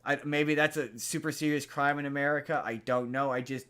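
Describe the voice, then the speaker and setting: A man's voice: a little high, steady tone, a little fast, a bit bright, clear, resonant tone. A man hosting a podcast, casually retelling a movie's plot in a rambling way, full of fillers and restarts. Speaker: podcast host.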